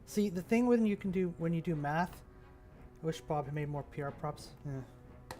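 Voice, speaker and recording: A man's voice: on the high side, lively intonation, normal speed, mellow, soft background music. Man muttering while building a game map. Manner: mutters and thinks aloud, trailing off. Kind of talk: casual commentary while working.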